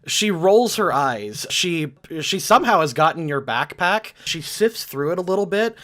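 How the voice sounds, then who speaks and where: A man's voice: fairly high pitch, big pitch swings, normal speed, a bit bright. A man running a tabletop game, narrating in a loose, casual way. He hesitates often and keeps an easy, everyday tone. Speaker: game master.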